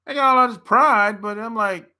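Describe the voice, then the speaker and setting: A man's voice: high voice, normal speed, bright, forceful tone. An American man, a relationship coach, giving a blunt casual opinion rant to camera and laughing often.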